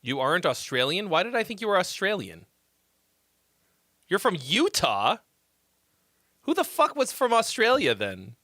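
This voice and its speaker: A man with a bright, forceful voice chats on a livestream, swinging his pitch all over as he rambles and jokes with plenty of swearing. The sound is dry and close. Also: wildly swooping pitch, unhurried, pauses often, no room sound. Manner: rambling, profane, joking. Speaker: host giving song feedback. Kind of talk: casual livestream chat.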